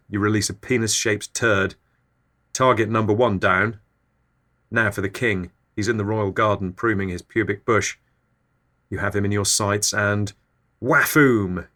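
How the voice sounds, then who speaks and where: A man with a lowish voice delivers absurd comedy bits flatly, never raising his energy. His tone stays deadpan and unhurried as he hosts his comedy podcast. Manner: deadpan, low-key delivery. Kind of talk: absurdist comic monologue.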